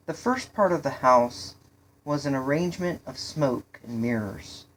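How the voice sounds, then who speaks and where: Low-voiced lady reading a kids story, slow and steady. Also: slight background noise. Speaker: reader.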